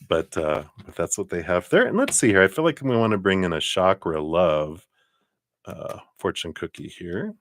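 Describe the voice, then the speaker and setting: Deep-voiced man giving a tarot reading. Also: takes it slowly. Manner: relaxed and chatty, laughs often. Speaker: tarot card reader. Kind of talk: live stream card reading.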